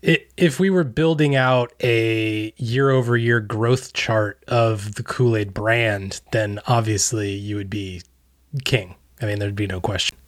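A man's voice: on the low side, fairly even intonation, a little slow. An American man co-hosting a casual chat, riffing with jokey, exaggerated asides. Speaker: co-host.

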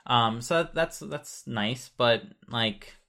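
A man's voice: medium pitch, takes it slowly, vocal fry, bright, forceful tone. A man casually explaining how data is sent over cables, patient and chatty, with many fillers.

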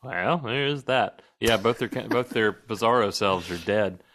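A man's voice: on the low side, unhurried, fairly bright tone. A man co-hosting a casual podcast, giving opinionated, joking takes on a TV episode with frequent restarts. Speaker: podcast co-host. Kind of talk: casual TV recap chat.

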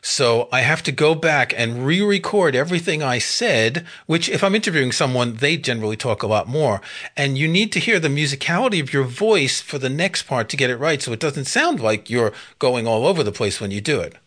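A man hosting a podcast interview, asking questions and commenting in a measured, conversational way. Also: medium pitch, expressive, fairly bright tone. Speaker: podcast host.

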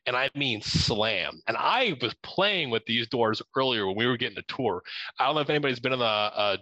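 A young man from Ohio telling a spooky story in a lively way, laughing and acting out his own lines. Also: medium pitch, a little fast, no room sound, lo-fi sound. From Ohio, USA. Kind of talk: animated storytelling.

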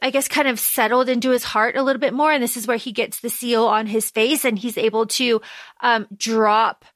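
A woman's voice: on the high side, steady tone, normal speed, a bit bright, dry recording, clean studio sound. A woman co-hosting a podcast, casually discussing a book and retelling scenes with lots of fillers. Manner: rambling retelling full of fillers. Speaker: podcast co-host.

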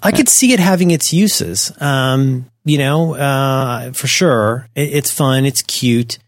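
A man co-hosting a casual tech podcast, talking in animated bursts with skeptical, self-deprecating asides, on a close microphone. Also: mid-range voice, slow, dry recording. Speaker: podcast co-host.

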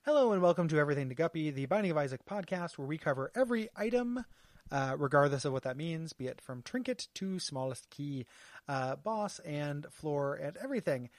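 A man's voice: on the high side, expressive, a little fast, no room sound, studio quality. A man hosting a casual podcast, bantering and laughing often with his co-host.

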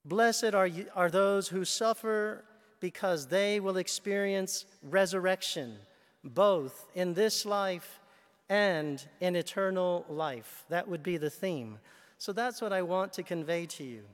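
A priest delivers a measured sermon at an unhurried pace. His voice is a man's, set fairly high. The church's long reverb trails after each phrase. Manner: slow, measured delivery with storytelling asides. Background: long hall reverb.

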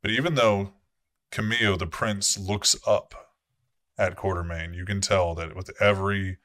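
A man's voice: low voice, steady tone, unhurried, fairly bright tone, no echo, studio quality. A man narrating a tabletop role-playing game as game master, casual and self-correcting, with some profanity.

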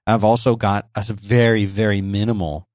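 A man's voice: on the low side, little pitch movement, moderate pace, darkish tone, no room sound. A man hosting a casual solo podcast, talking in a conversational, explanatory way with frequent restarts, on a close dynamic microphone in a home office. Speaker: podcast host. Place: home office by a busy highway. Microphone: close dynamic microphone with noise gate.

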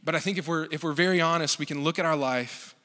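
A man's voice: on the high side, fast, bright, forceful tone. A male pastor giving a casual, joking sermon in a church, telling stories in a conversational way. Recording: long reverb of a church hall.

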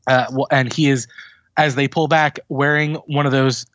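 A man hosting a podcast, chatting casually and recapping a TV episode with lively storytelling. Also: mid-range voice, normal speed, no echo, lo-fi sound. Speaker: podcast host doing recaps.

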